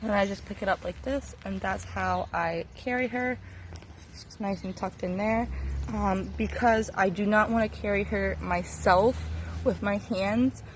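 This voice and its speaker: A woman's voice: mid-range voice, unhurried, a little hiss or hum, poor audio. A young woman talking casually to camera about her sick dog, worried and rambling with many fillers and restarts. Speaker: pet owner vlogging her dog's recovery. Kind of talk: casual video diary. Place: at home, indoors then yard.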